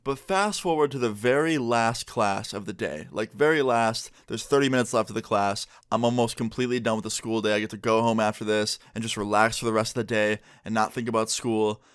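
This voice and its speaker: A man's voice: on the low side, fairly quick, hardly any pauses, clear, resonant tone, no room sound, studio quality. A young man telling a storytime tale to camera in a casual, chatty way, often checking in with the listener. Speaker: vlogger. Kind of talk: storytime narration.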